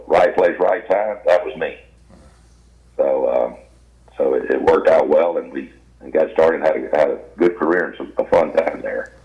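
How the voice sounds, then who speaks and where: Deep-voiced older Southern man. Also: a little mellow. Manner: folksy, rambling anecdotes. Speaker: guest actor. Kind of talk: storytelling interview. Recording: dull lo-fi radio audio.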